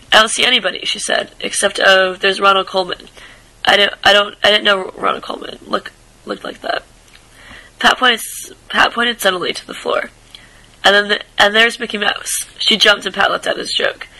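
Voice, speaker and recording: A man reads a short story aloud with a high, gravelly voice. He stumbles over words and starts lines again, now and then dropping into quiet asides. His tone is very bright and edgy. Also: rough recording. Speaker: reader.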